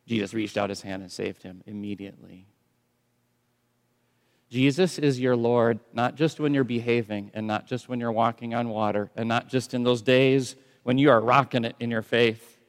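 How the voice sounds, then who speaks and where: A man preaching a sermon as pastor, swinging from hushed, slow lines to loud, emphatic ones. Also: mid-range voice, long reverb tail.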